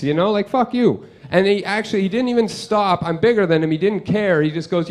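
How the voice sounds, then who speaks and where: A young man doing a stand-up set in a comedy club, rambling and self-deprecating, with lots of "like" and quick asides to the crowd. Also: sits high, a little mellow. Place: comedy club with live audience.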